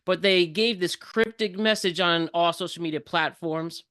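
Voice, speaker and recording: Man, podcast co-host, lively rundown delivery, crisp resonant tone. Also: high voice, moderate pace, no room sound, clean studio sound. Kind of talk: casual chat.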